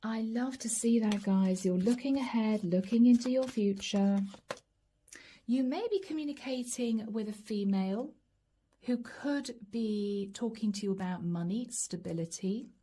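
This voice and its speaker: A woman giving a channeled tarot reading to camera, gentle and encouraging, speaking straight to her viewers and breaking into soft laughs. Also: fairly high pitch, unhurried, husky. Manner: often breaks into light laughs and soft asides. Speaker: tarot reader.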